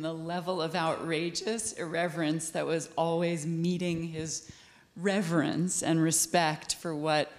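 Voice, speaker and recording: A woman with a low voice speaks slowly on a press panel. Her manner is effusive and unhurried. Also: a little mellow. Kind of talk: press conference answers.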